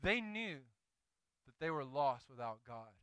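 A man with a Southern accent preaching a sermon in an animated, conversational way, slipping into quick acted asides. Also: medium pitch, smooth, no echo, rough recording. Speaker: pastor.

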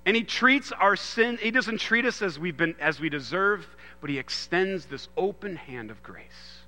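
A man in his thirties giving an earnest sermon, moving from loud emphasis to hushed storytelling. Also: sits high, expressive, moderate pace, long reverb tail. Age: 30s. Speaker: pastor.

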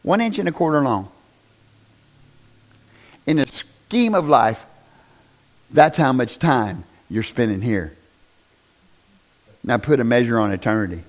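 A man preaching a conversational sermon, often asking the congregation questions and rising to loud, emphatic bursts. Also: mid-range voice, animated, measured pace, pauses often. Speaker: pastor.

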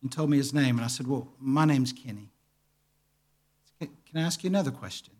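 A man's voice: medium pitch, brisk. A man preaching a sermon, telling a story vividly and acting out the dialogue. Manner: quiet, earnest. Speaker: pastor.

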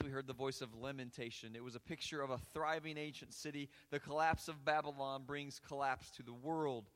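A man's voice: mid-range voice, a bit bright. A male pastor preaching a sermon and reading scripture aloud with earnest, rising emphasis in a church sanctuary. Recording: long hall reverb.

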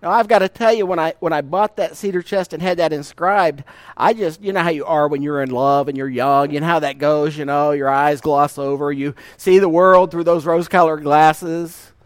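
High-voiced folksy preacher. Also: male voice, steady tone, no room sound, studio quality. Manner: folksy storytelling with laughter and emphatic drawn-out verses. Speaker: pastor. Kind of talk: sermon.

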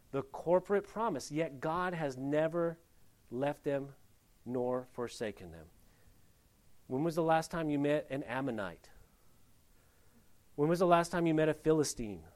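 A man preaching a sermon in a plain-spoken, folksy way. He swings between loud, emphatic rises and quiet, low asides.

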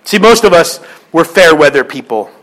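High-voiced man preaching with rising emphasis. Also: expressive, moderate pace, a bit bright, rough recording. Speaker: pastor. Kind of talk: sermon.

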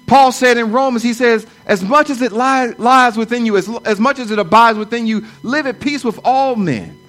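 Male preacher in his forties, high-pitched, emphatic repetition, light music underneath. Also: a bit bright. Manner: repeats lines for emphasis, rising to fervent proclaiming. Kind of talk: sermon.

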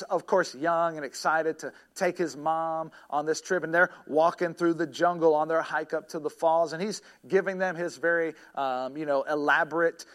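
A man's voice: a little high, fairly bright tone. Earnest man preaching a sermon. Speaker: pastor.

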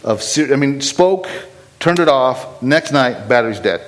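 A man's voice: mid-range voice, expressive, measured pace, poor audio. A man preaching a sermon, blunt and impassioned, pressing his points with rising urgency.

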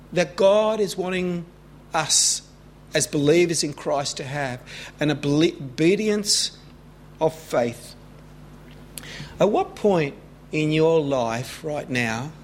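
A man preaching a sermon at a slow, unhurried pace, his voice sitting a little high for a man. He speaks earnestly and climbs higher when he presses a point. A faint hum runs beneath the recording. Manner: earnest, rising with emphasis, slow deliberate preaching. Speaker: pastor.

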